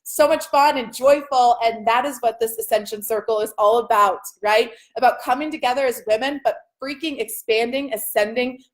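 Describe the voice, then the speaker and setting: A fairly high-voiced woman talks to her live stream viewers in a casual, upbeat way. She coaches them on spiritual growth, keeps checking in with "okay?" and calls them "y'all.". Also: moderate pace, few pauses.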